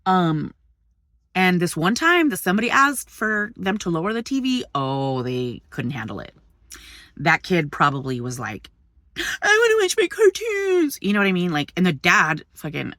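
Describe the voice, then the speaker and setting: A woman's voice: deep voice, a bit bright, no echo, clean studio sound. A woman vlogging in a chatty storytelling way, swearing freely, laughing often and jumping between subjects. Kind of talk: casual storytelling vlog.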